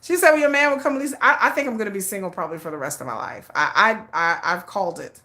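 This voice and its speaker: Lively bright-voiced woman telling a story. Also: mid-range voice, quick pace. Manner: blunt, laughing, animated storytelling with sassy quoted voices. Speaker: livestream host. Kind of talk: casual storytelling chat.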